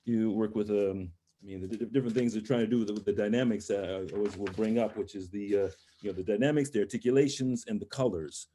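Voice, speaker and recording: A man's voice: fairly low pitch, fairly even intonation, quick pace, hardly any pauses, dark tone. A man coaching a young singer over a video call, talking through phrasing with hesitant, encouraging remarks and sung sample words. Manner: encouraging, hesitant, sings and speaks sample words in French and German. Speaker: voice coach leading a master class. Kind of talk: online master class coaching.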